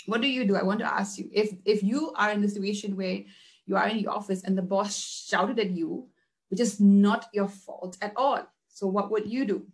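A woman's voice: mid-range voice, normal speed. A woman teacher giving an interactive class, asking her listeners questions and repeating herself as she explains. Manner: asks the class questions, repeats words, animated. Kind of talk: interactive online class talk.

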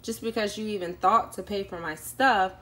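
A woman's voice: mid-range voice, steady tone, moderate pace, fairly bright tone. Woman, home vlogger, chatty storytelling, frequent fillers, quotes people in voices. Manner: chatty, many ums, acts out quoted people. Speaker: YouTube vlogger. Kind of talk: casual storytelling vlog. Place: indoors at home.

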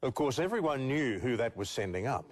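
Brief: male narrator, measured scripted delivery, animated intonation. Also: medium pitch. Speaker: documentary narrator.

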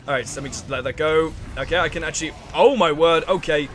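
Young dude rambling over a game, kinda high voice. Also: male voice, a bit bright, slight background noise. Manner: rambling, chatty, quick laughs and exclamations. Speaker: let's play host. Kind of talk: casual gameplay commentary. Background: faint game music.

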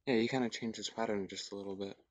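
A young man talks through his gameplay in a hushed, often whispered voice, thinking aloud and circling back on his words. His voice sits a little low. The sound is dry and close, with no room around it. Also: fairly even intonation, fast, dry recording, muffled recording. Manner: thinks aloud, repetitive and tentative. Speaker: gaming YouTuber. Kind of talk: casual gameplay commentary.

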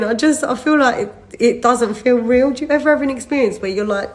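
A woman's voice: fairly high pitch, expressive, a little fast, hardly any pauses, rough recording. A woman in her thirties chatting to her followers on a phone video, rambling and laughing mid-sentence, worn out from a recent illness. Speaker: vlogger updating followers. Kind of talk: casual chat to camera.

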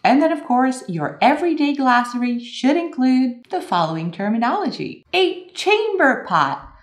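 A woman teacher giving a playful English vocabulary lesson, moving between bright exclamations and hushed asides. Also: on the high side, roomy sound.

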